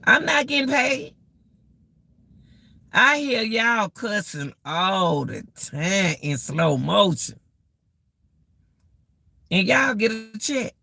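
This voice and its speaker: Slow gravelly woman ranting to viewers. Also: fairly high pitch, sing-song, pushed and bright, dry recording. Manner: exclaiming, repeats herself, addresses viewers as y'all. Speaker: live-stream host. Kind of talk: casual live-stream rant.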